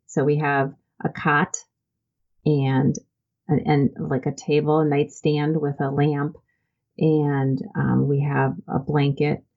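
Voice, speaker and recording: A woman with a notably low voice speaks as an interview guest, earnest and heartfelt, often pausing on "um" and restarting her sentences. The recording sounds dull and lo-fi. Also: vocal fry, warm tone. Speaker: interview guest, church volunteer program founder. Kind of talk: conversational interview storytelling.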